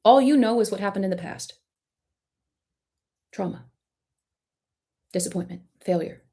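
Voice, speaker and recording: A woman's voice: mid-range voice, unhurried, husky. A woman hosting a live-stream Q&A, coaching artists in an emphatic, direct and encouraging way. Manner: warmly encouraging to the questioner.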